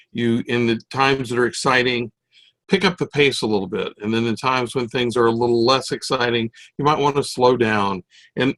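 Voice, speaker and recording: A man giving a spoken evaluation of a speech over a video call, friendly and halting, with many fillers. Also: medium pitch, fairly bright tone, no room sound, low-quality recording. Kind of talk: online club speech evaluation.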